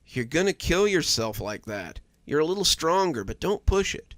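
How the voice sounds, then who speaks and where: A man's voice: fairly high pitch, big pitch swings, moderate pace, fairly bright tone, no echo, pitched above the performer's own voice. A man voicing a kind young man who teases the old woman he looks after, in a storybook reading. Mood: teasing. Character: kind young man caring for a sick widow, joking.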